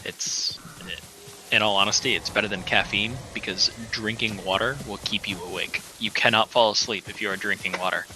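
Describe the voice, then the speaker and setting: A man's voice: on the low side, steady tone, moderate pace, sharp tone, a little hiss or hum, rough recording. A man streaming a game live, rambling and teasing in casual chat, often restarting his sentences.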